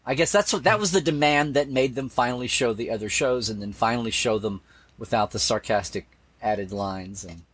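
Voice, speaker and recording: A man with a fairly quick, fairly bright mid-range voice is interviewed as a Star Trek expert. He talks casually and enthusiastically, often quoting favorite lines and restarting his sentences.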